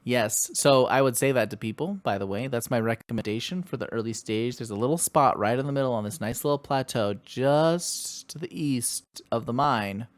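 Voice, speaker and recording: Laid-back jokey man, average pitch. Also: moderate pace, hardly any pauses. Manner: jokey, boastful, laughs while talking. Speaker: podcast co-host. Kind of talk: casual gaming chat.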